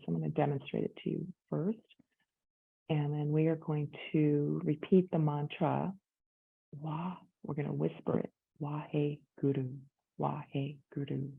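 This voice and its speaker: A woman yoga instructor giving gentle, inviting guided meditation instructions. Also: low voice, creaky, slightly rough. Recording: tinny phone-like sound.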